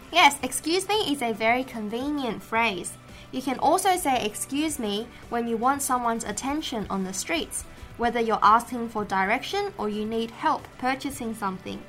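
A woman co-hosting an English learning show, explaining polite phrases in a clear, teacherly way. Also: a little high, expressive, fairly bright tone, soft background music. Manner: clear teacherly delivery, models phrases slowly. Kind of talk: scripted language-lesson chat.

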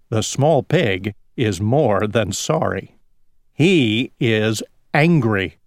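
A man reading a picture book aloud in a slow, expressive storytelling manner. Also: lowish voice, no room sound, clean studio sound.

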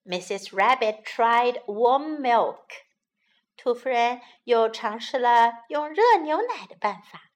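A woman reading a bilingual children's bedtime story aloud, slow and soothing. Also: fairly high pitch, animated.

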